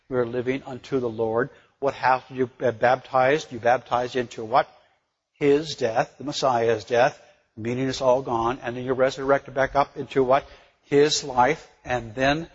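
A man preaching a Bible-teaching sermon, rising to loud emphatic bursts on scripture and dropping quiet and reflective, stumbling over words now and then. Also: mid-range voice, slightly rough, big-room sound, highs cut off.

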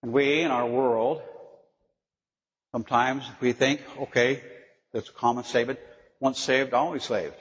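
A man delivers a sermon in an unhurried, deliberate way, stressing his words and pausing to put questions to his listeners. The recording is dull and lo-fi, and his voice rings out with the long reverb of a large hall. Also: medium pitch, steady tone. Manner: slow, emphatic, asks the listeners questions. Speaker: preacher.

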